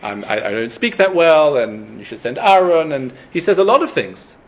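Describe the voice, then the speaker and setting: A man giving a Torah class, thinking out loud, asking questions and restarting his phrases. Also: on the high side, sing-song, normal speed. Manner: thoughtful, questioning, frequent restarts. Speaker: Torah teacher. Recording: dull lo-fi recording.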